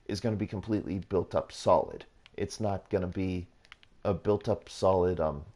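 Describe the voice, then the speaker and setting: A man's voice: sits low, warm tone. A man hosting his gaming channel, talking through a build tutorial in a rambling, repetitive way, often correcting himself. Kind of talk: casual build tutorial commentary.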